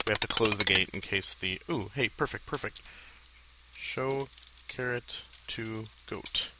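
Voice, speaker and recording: A man's voice: lowish voice, a little slow, over loud music, rough recording. A man hosting a casual video game let's play, rambling and joking with self-deprecating asides as he plays. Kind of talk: casual gameplay commentary.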